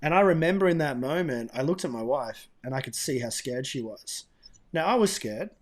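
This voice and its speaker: A man co-hosting a podcast, telling stories in an animated, emphatic, casual way. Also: medium pitch, moderate pace. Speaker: podcast co-host. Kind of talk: casual storytelling chat.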